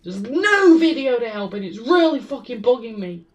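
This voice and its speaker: A woman's voice: a little high, very animated, moderate pace, recorded from a distance. A woman streaming a game, swearing and talking to herself in frustration as she searches for the way forward. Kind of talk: live gameplay commentary.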